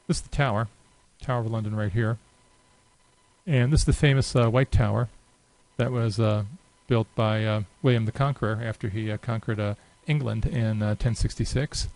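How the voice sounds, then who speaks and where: A man presenting a software demonstration, talking casually and unhurriedly with frequent filler pauses as he walks through the screen. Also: fairly low pitch, fairly even intonation, creaky, rough recording. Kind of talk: unscripted screen-share walkthrough.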